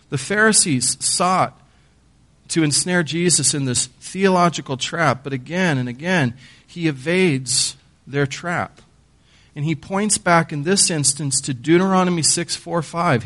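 A man preaching a sermon as pastor, reading scripture aloud and then explaining it with emphatic pauses and a few repeated words. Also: on the high side, a bit bright.

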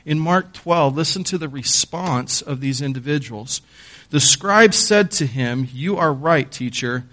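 A man preaching a sermon as pastor, reading scripture aloud and then explaining it with emphatic pauses and a few repeated words. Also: fairly high pitch, fairly bright tone.

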